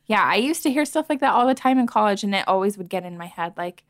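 A woman's voice: medium pitch, expressive. A woman hosting a podcast, chatting casually and supportively with her guest. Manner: supportive, conversational, quick affirmations. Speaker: podcast host. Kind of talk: casual interview chat.

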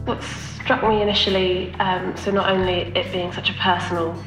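A woman's voice: fairly low pitch, flat delivery, normal speed, over music. A woman songwriter answering interview questions in a hesitant, reflective way with many restarts. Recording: roomy, distant mic.

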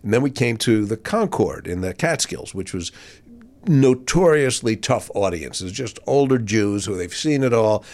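A man's voice: lowish voice, moderate pace. A man, a guest comedian, telling a story in casual chat and acting out the voices he quotes. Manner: animated, acts out quoted voices.

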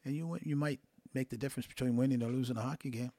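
An older man, a hockey coach, telling coaching stories in a measured way and acting out the people he quotes. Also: medium pitch, steady tone, dark tone. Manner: measured, acts out quoted voices. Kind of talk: relaxed interview storytelling.

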